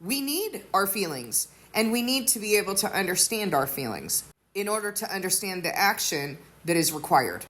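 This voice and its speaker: A woman's voice: medium pitch, big pitch swings, normal speed, fairly bright tone. A woman giving an earnest sermon-style teaching, explaining with everyday examples. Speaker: teacher of a faith community.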